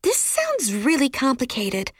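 Woman reader voicing a bubbly, naive schoolgirl, high and squeaky, dry recording. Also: huge pitch swings, a little slow, no room sound, heavily acted. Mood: wide-eyed. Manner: high and wide-eyed.

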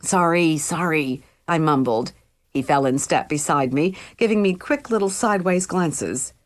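A woman's voice: sits low, moderate pace. A woman reading a first-person novel aloud as an audiobook narrator, in a wry, conversational storytelling manner.

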